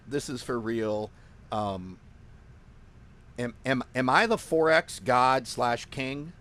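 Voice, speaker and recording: A man walks through a live trading screen, excitable and boastful, breaking into laughter again and again. His voice sits at an ordinary middle pitch for a man. He curses casually and hammers his points home by repeating them. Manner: emphatic, repeats phrases for punch; swears casually. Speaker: forex trading instructor.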